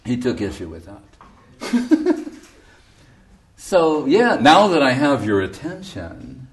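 A man gives an emphatic, story-driven sermon as a spiritual teacher. His voice sits in a middle pitch and sounds a little distant from the microphone. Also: sing-song, takes it slowly. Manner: emphatic, storytelling, often laughing.

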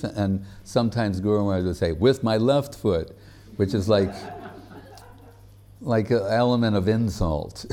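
A man giving a devotional lecture, speaking haltingly with many fillers and growing animated when he quotes others. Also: lowish voice. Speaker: spiritual teacher giving a talk.

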